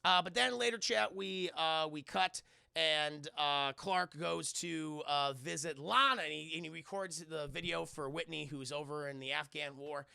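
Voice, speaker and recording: Brief: crude, rambling young male streamer, high-voiced and very gravelly, bright, dry. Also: unhurried, no echo. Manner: crude, joking, rambling, talks to chat. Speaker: streamer reviewing a TV episode. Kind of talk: casual livestream recap.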